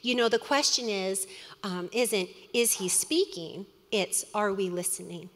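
A middle-aged woman teaching a women's Bible study, earnest and storytelling, with quick asides. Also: medium pitch, a bit bright. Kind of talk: sermon. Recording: long hall reverb.

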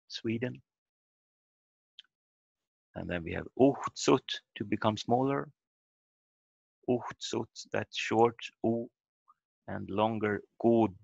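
Slow gravelly male language teacher. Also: on the low side, a little mellow, dry recording. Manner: slow, halting explanations with repeated example words. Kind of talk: online language lesson. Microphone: video call. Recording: dull lo-fi video call audio.

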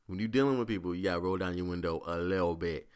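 Man, low voice, solo podcast host, profane, rambling storyteller. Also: quick pace, darkish tone, clean tone.

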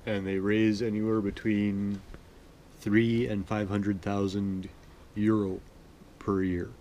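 A man from Manitoba, Canada, chatting in a relaxed, rambling, self-deprecating way as host of his sewing vlog. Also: fairly low pitch, slow pace, slight background noise. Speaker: sewing vlogger. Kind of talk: relaxed casual chat.

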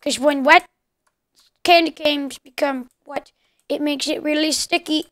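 A woman giving rambling, excitable let's play commentary, chatting to the creatures in her game. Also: sits high, moderate pace, no echo, studio quality. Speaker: gaming commentator.

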